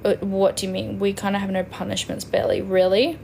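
Australian woman, twenties, casual phone livestreamer reading comments, gravelly fry, light noise floor. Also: mid-range voice, level tone, fairly quick, mellow. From Western Australia. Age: 20s. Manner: chatty, reads viewer comments aloud and answers them. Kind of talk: casual live-stream chat reading comments.

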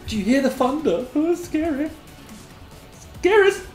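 A host giving live gameplay commentary, excitable and giggly, squealing a high catchphrase, then muttering quietly to themself. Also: normal speed. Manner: mutters quietly to self between bursts. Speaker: gaming video host. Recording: roomy echo, faint game music behind.

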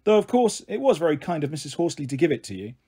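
A man reading as a gentle, sensible mum. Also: a little high, sing-song, fast, husky. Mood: cautionary. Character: gentle, sensible mother of two.

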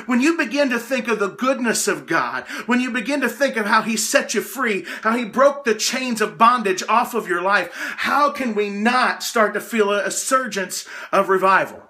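A man preaches a devotional sermon with a high, bright, forceful voice. He is earnest and gets emotional, lifting his voice when he is excited. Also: moderate pace, few pauses. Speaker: hospice chaplain and preacher.

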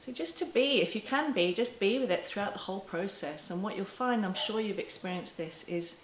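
A woman teaching parents to camera in a gentle, reassuring way, now and then with a soft laugh. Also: mid-range voice, a little fast, a little hiss or hum. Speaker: parenting educator. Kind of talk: talking to camera. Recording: echoey room with faint ambience.

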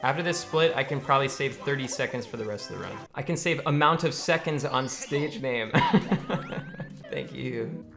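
A man's voice: medium pitch, wildly swooping pitch, normal speed, creaky, music in the background. A young man streaming a game live, chatting with viewers, joking and swearing when the game goes wrong. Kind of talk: live gameplay streaming chat.

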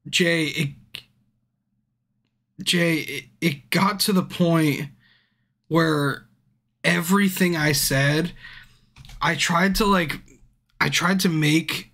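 A man's voice: fairly high pitch, slow, long pauses, bright, forceful tone. A drunk man streaming a game, chatting casually with his viewers by name, frustrated and swearing a lot. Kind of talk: casual live-stream chat.

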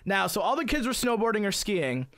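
Male streamer, high-pitched voice, casual comedic storyteller who rambles, swears and gets excited. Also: a little fast. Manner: rambling, full of "like" fillers and swearing; grows loud and excited at the peaks of the story. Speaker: gaming streamer telling a story.

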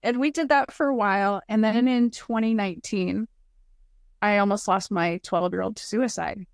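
Earnest woman in her 40s sharing heartfelt stories, mid pitch, dry close sound. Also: normal speed, vocal fry, no room sound. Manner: heartfelt, repeats motivational phrases. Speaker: podcast guest, nonprofit founder. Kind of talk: earnest personal storytelling.

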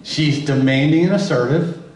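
A man's voice: fairly high pitch, moderate pace, darkish tone, roomy sound, far from the mic, poor audio. A man speaking at a marriage conference in a church setting, telling candid, self-deprecating stories about his own marriage. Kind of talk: church talk. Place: church hall.

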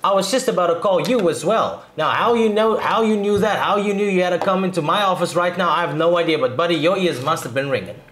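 A man playing a talent agent who tries to calm and win over his client in a salesy, placating way. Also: high voice, fast, few pauses, reverberant, slight background noise. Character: smooth-talking male talent agent. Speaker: actor in a short film scene. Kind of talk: acting-class film scene.

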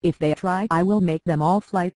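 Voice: mid-range voice, moderate pace, darkish tone, no room sound, lightly acted. A reader voicing a petulant, clingy young boy lord in an audiobook, whiny and pleading. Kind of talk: audiobook character reading.

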